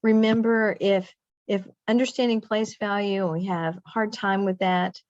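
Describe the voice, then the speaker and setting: A woman's voice: mid-range voice, steady tone, moderate pace, a little mellow, dry recording, lo-fi sound. A middle-aged woman leading a recorded teacher training session, chatty and self-interrupting, laughing at herself.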